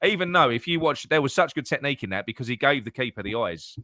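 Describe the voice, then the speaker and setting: A man chatting about football on a podcast, his words tumbling out quickly with a lively, bouncing pitch. He rambles and repeats phrases as he thinks. His voice is bright and sits dry and close. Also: dry recording. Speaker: podcast co-host. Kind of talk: casual football chat.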